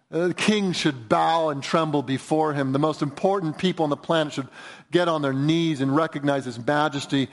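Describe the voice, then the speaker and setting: Guy preaching in church, earnest and emphatic, kinda high voice, big echoey hall. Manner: earnest, emphatic, swinging between raised and hushed delivery. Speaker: pastor. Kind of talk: sermon. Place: church sanctuary.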